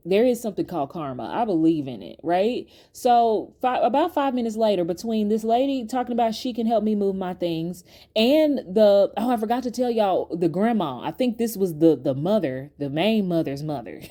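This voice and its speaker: A woman hosts her own podcast and tells a personal story straight to her listeners. She talks in a chatty, animated way and laughs often. Her voice is mellow and warm, pitched in a middle range. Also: moderate pace. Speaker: podcast host. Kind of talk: casual storytime to viewers.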